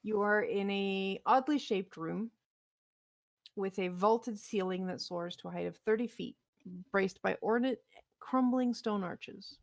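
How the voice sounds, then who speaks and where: A woman running a tabletop game as game master, describing scenes in a measured way. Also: medium pitch, gravelly, dry recording.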